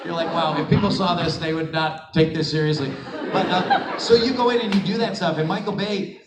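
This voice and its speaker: A man's voice: fairly high pitch, fairly quick, over a noisy crowd. A middle-aged man answering fan questions at a convention panel, laughing and acting out the people in his stories. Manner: animated, laughing, acts out quotes. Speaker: panel guest voice actor. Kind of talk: convention Q&A storytelling. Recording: echoey hall recorded from far off on a phone, noisy.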